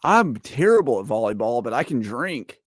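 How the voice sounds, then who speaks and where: A man guest on a casual gaming stream chat, easygoing and animated. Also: medium pitch, moderate pace, slightly rough, no echo, studio quality. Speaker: guest YouTuber.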